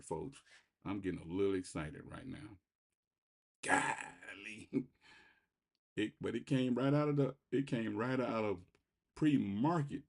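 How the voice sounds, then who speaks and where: A man hosting a trading channel, giving live market commentary over his screen in an excitable, rambling way, repeating himself and swinging between loud bursts and quiet muttering. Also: lowish voice, vocal fry.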